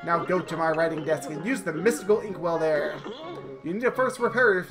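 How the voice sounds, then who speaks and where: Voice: medium pitch, a little fast, close to an everyday voice. A gamer reading the lines of Elder Kettle, a wise old male kettle guardian, aloud in a plain, earnest voice, with game music behind.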